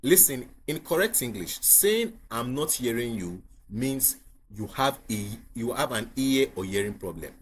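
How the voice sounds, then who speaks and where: A man's voice: mid-range voice, very animated, unhurried, a little hiss or hum. A man with a Nigerian accent, an IELTS tutor teaching to camera with emphatic repetition and frequent checks on the listener. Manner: emphatic, repeats key points, asks the viewer if they follow.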